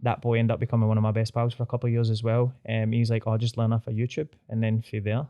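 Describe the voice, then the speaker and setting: A young Glaswegian man hosting a podcast, telling stories in broad slang with animated quoted voices. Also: fairly low pitch, racing, clean tone, no echo, highs cut off. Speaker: podcast host. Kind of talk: casual chat.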